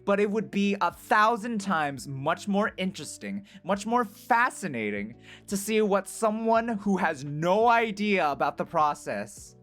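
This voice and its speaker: Streamer, casual storytelling, rambling, lots of fillers, mid-pitched voice, excited then hushed. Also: a little slow, hardly any pauses, faint music behind. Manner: rambling, full of "like" and "right?" tag questions; animated, swings between excited and hushed. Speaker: vtuber streamer.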